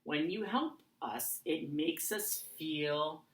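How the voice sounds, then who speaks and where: Low-voiced woman teaching young children. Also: reverberant, low-quality recording. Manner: slow, dictating aloud while writing. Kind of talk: online lesson for children.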